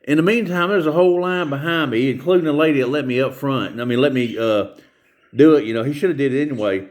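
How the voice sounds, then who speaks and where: A man's voice: medium pitch, fast. A man vlogging a casual rant about a store visit, rambling and repetitive, with many hesitations.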